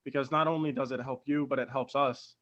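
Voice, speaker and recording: Guy hosting an interview on a call, gushy and excited, lots of ums, muffled audio. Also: medium pitch, a little fast. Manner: enthusiastic and effusive, many fillers. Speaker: interview host. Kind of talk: casual interview talk. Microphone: video call. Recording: dull lo-fi video call audio.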